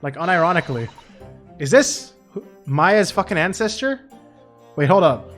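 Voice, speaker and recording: Young guy streaming a game, hyped and swearing, high-ish voice, game music faint. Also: normal speed. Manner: excitable, swears a lot. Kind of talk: let's play commentary.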